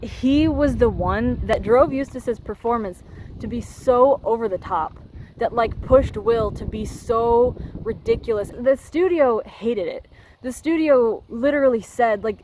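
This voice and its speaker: A woman's voice: fairly high pitch, lively intonation, takes it slowly, darkish tone, low-quality recording. A young woman giving casual critical commentary, ranting with exasperated sarcasm. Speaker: video essayist.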